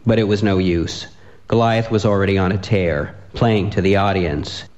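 A man reading a comic story aloud with a dry, deadpan delivery. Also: sits low, moderate pace, highs cut off.

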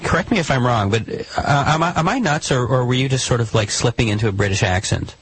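A man in a comedic sketch, producing a recording, talking in halting, repeated starts while gently insisting. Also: mid-range voice, a little hiss or hum, poor audio.

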